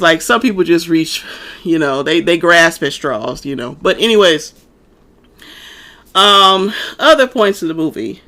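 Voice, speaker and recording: A woman's voice: low voice, fairly bright tone. A woman talking casually about a movie she saw. She rambles with lots of fillers and swears bluntly. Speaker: movie reviewer. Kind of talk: casual rant.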